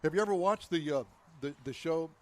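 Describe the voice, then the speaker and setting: Man, wisecracking co-host, teasing, fairly high voice. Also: fairly quick, a little mellow. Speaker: car show co-host. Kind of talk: casual joking chat.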